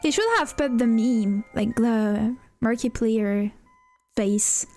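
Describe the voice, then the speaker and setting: High-voiced woman streamer chatting casually. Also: slow, a little mellow, soft background music. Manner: chatty, giggly, reacting to a video. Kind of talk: casual reaction chat.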